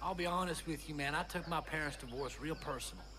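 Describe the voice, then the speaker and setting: An actor playing a rowdy young redneck party dude who rambles with goofy bravado in a drawl. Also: male voice, a little high, fast, close to an everyday voice. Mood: rambling. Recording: game audio with loud background noise.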